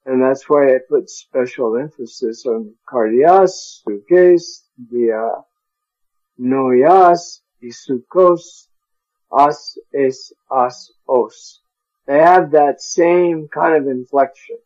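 A man's voice: medium pitch, slow pace, darkish tone, muffled recording. A man teaching a Bible study, carefully sounding out Greek words and chuckling at his own stumbles over hard terms. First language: English.

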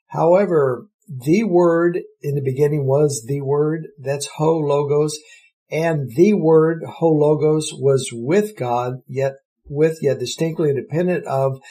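A man's voice: a little high, warm tone, poor audio. A man teaching the Bible verse by verse, explaining Greek words with eager enthusiasm.

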